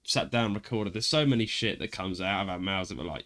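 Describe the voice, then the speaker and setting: A young man with an East London accent, hosting a relaxed podcast chat, talkative and laughing often. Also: on the low side, fairly quick. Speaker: podcast host. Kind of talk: casual chat.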